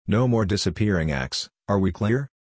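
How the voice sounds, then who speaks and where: A man's voice: lowish voice, animated, normal speed, no room sound, studio quality. A man doing a snappish female supervisor. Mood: stern. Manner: snappish and stern. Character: brusque, overworked female supervisor.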